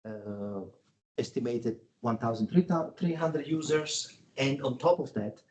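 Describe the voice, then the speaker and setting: A man walks through a business slide presentation over a video call. He pauses often on filler sounds and corrects himself mid-sentence. His voice sits at a middle pitch for a man. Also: a little mellow, low-quality recording. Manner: halting, with frequent filler sounds and self-corrections. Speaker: guest presenter at an industry webinar.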